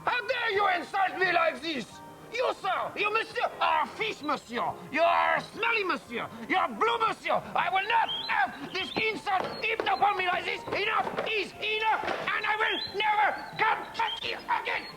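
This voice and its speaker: A man voicing a pompous, excitable French character in a children's TV sketch, talking in a theatrical, flowery way. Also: extremely high pitch, moderate pace, loud music behind the voice, poor audio. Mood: outraged.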